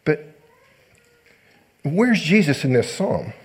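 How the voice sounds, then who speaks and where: A male pastor preaching a sermon in earnest, rising to loud emphasis and dropping to hushed low lines. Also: sing-song, takes it slowly, husky, faint music behind.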